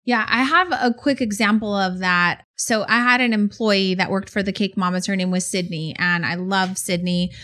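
A woman's voice: mid-range voice, fairly even intonation, moderate pace, hardly any pauses, sharp tone. Earnest woman telling a story. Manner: earnest, tells personal stories. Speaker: podcast co-host. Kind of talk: conversational storytelling.

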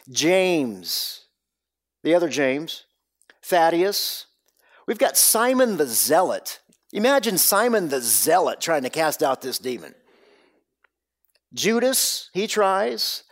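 Preacher with a slightly high voice, dramatic swings. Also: male voice. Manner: dramatic storytelling, wide swings between loud bursts and hushed low lines. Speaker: pastor. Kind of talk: sermon.

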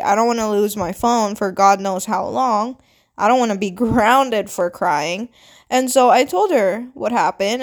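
A young adult woman with a somewhat high voice tells a personal story to camera. She talks casually, swearing freely and leaning on "like," and acts out what others said with lively emphasis. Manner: casual, frequent swearing and "like" fillers; animated, dramatic retelling with quoted voices. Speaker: vlogger. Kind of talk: storytime monologue.

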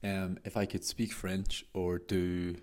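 Deep-voiced man rambling in a casual vlog. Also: a little slow, warm tone. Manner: rambling, chatty, many fillers. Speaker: marathon runner. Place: apartment indoors.

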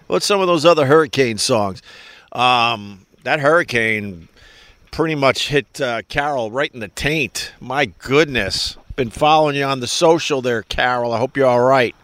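A middle-aged man talking loosely on a livestream, his voice set at an ordinary pitch for a man. He rambles from one thought to the next, swears freely and pokes fun at himself. He breaks off now and then to greet viewers by name. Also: normal speed, fairly bright tone, no echo. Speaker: livestream host reading viewer chat. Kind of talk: casual rambling livestream chat.

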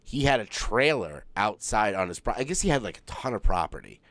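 A man co-hosting a podcast, talking casually and profanely in a rambling way, often slipping into quick mimicked quotes. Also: on the low side, sing-song, a bit bright, no room sound. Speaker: podcast co-host. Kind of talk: casual chat.

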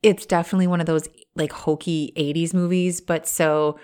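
A woman's voice: low voice, level tone, moderate pace, warm tone, clean tone. A woman co-hosting a podcast, chatting in a playful, self-mocking way. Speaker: podcast co-host. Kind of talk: casual chat.

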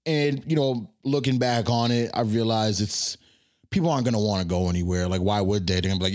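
A man in his twenties hosting a podcast, telling a party story in a casual, animated way and acting out his own lines. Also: fairly low pitch, fast talker. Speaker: podcast host.

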